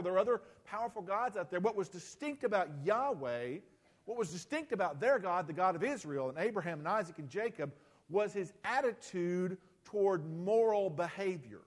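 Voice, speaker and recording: A man preaching a sermon, speaking deliberately and repeating phrases for emphasis. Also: high-pitched.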